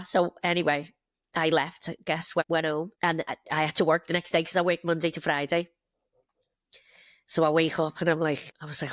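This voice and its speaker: A woman in her forties from Liverpool with a Scouse accent, telling lively stories as a podcast guest, laughing often and acting out what people said. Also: on the low side, a little fast, no room sound, clean studio sound. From Liverpool, England. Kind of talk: casual storytelling.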